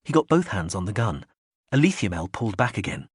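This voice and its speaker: Husky man reading an audiobook. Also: on the low side, big pitch swings, no room sound, clean studio sound. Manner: measured reading, acts out quoted speech in raised voices. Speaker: audiobook narrator. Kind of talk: scripted narration.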